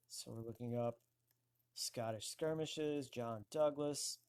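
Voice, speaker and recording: Guy hosting a web show, talks slow, mutters along while he searches stuff up, medium pitch. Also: a little mellow, smooth. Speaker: host. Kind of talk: casual online research talk.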